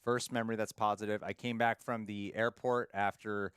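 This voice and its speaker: A man's voice: fairly low pitch, level tone, normal speed, a bit bright, smooth, no room sound, studio quality. A man co-hosting a casual livestream who reads viewer comments aloud in a laid-back way. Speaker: co-host.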